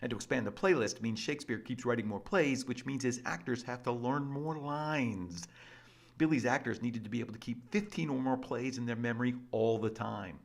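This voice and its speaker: A man presenting an energetic scripted explainer with a lively, playful and emphatic delivery. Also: mid-range voice, normal speed, vocal fry. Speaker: educational presenter.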